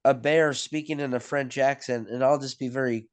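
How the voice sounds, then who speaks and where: A man's voice: mid-range voice, steady tone, moderate pace, clear, resonant tone, dry recording. A man co-hosting a casual podcast who muses in a laid-back, rambling way. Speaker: podcast co-host. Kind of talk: casual chat with friends.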